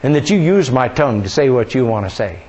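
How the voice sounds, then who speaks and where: A man's voice: mid-range voice, big pitch swings, quick pace, a little mellow, low-quality recording. A male pastor preaching a sermon in a church, conversational, with many rhetorical questions. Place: church sanctuary.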